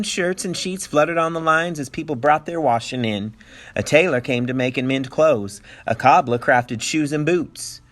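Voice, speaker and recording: A male teacher reading a picture book aloud with animated storytelling and playful asides. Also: fairly high pitch.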